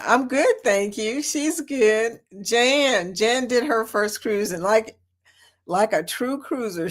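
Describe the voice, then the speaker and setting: A woman hosting a casual live chat, reading comments aloud and laughing often. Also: medium pitch. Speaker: livestream host.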